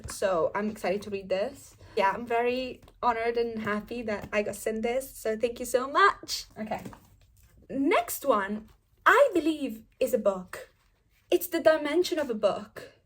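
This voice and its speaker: Young woman, gushing and excitable, slightly high voice, casual book vlog. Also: a little hiss or hum. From Italy. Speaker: book vlogger. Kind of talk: casual book haul chat.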